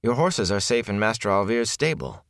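A man's voice: fairly low pitch, expressive, moderate pace, fairly bright tone, no room sound, studio quality, voice pushed up. A man voicing an earnest young village man who talks in a pleading, soothing way.

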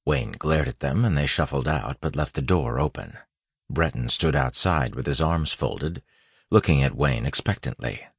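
A man reading an audiobook narration in a measured way. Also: rumbling low, gravelly, breathy edge, dry recording.

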